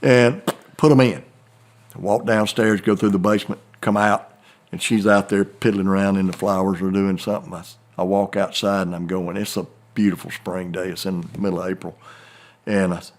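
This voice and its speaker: A middle-aged man with a Southern American accent spins a rambling, folksy yarn in easy conversation. His voice sits fairly low, and the talk feels loose and unhurried. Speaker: turkey hunting guide. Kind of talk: casual storytelling chat.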